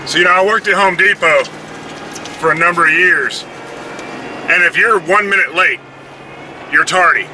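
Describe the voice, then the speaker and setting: A man's voice: high-pitched, moderate pace, long pauses, bright, forceful tone. A man telling a blunt, heavily profane story as a casual vlog rant. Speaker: vlogger. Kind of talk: casual ranting monologue. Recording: noisy, with vehicle and traffic sounds.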